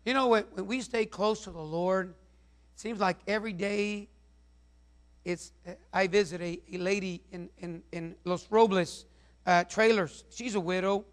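A man's voice: high voice, fairly even intonation, measured pace. A male pastor preaching a sermon, rambling, with many repeated words and fillers.

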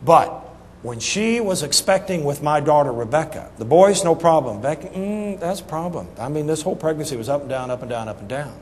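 A middle-aged man preaching a sermon, telling a humorous story in an animated, folksy way that swings between loud punchlines and soft asides. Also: on the high side, fairly quick, a little hiss or hum. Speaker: pastor. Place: church sanctuary. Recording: reverberant church hall, faint ambience.

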